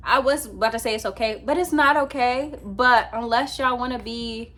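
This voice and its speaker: A young woman vlogging casually from her apartment at night, telling a rambling, animated story to her laptop with many fillers. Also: a little high, moderate pace. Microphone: laptop with ring light.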